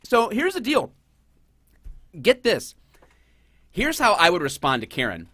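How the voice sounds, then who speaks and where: A middle-aged man hosting a casual commentary show, talking in an animated, sarcastic way. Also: high voice, a little slow, dry recording. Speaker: host.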